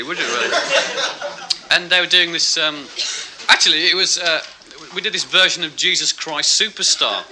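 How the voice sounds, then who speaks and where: A male stand-up comedian rambles through a self-mocking story, his fairly high voice swinging up and down in a lively way. Heavy noise hangs over the live stage recording. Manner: chatty, rambling, self-mocking, laughing asides.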